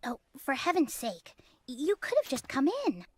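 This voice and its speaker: A woman voicing a gentle, polite young woman in a video game, speaking softly and earnestly. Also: high-pitched, very animated, normal speed, breathy edge, no echo, full character voice.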